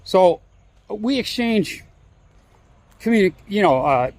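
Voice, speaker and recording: A man's voice: high-pitched, animated, takes it slowly, a little mellow. A man vlogging as he walks, telling a story in a rambling, chatty way full of restarts and asides. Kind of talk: casual storytelling on a walk.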